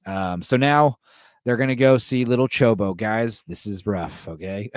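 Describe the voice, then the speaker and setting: A man's voice: fairly low pitch, measured pace, dry recording, studio quality. A man hosting a podcast, retelling a film's plot in a casual, irreverent, joking way. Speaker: podcast host. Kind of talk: casual film recap.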